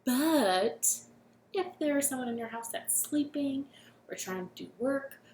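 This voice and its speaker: A woman hosting a children's storytime from her living room, speaking gently and encouragingly and singing with a ukulele. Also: high voice, animated, measured pace, reverberant, a little hiss or hum.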